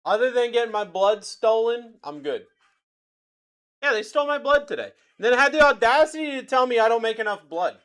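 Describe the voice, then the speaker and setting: Man, young, high-pitched, upbeat livestream break host calling cards to buyers, chatty and hyped. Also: sing-song, a little fast, a bit bright, smooth. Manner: hyped, chatty, rattling off player names to buyers. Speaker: live card break host.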